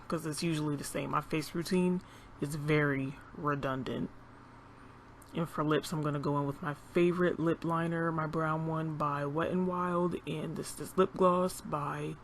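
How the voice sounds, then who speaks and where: A young woman talking casually as a beauty vlogger, walking through her makeup routine in a chatty, relaxed way. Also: sits low, slight background noise. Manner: chatty, relaxed, talks while applying makeup. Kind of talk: casual makeup tutorial narration.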